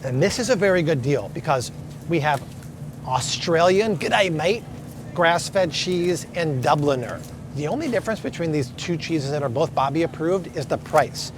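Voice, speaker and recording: A man's voice: a little high, lively intonation, moderate pace, background noise. A man vlogging his way through supermarket aisles, emphatically comparing prices in an upbeat tone. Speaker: grocery vlogger. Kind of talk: store walkthrough vlog.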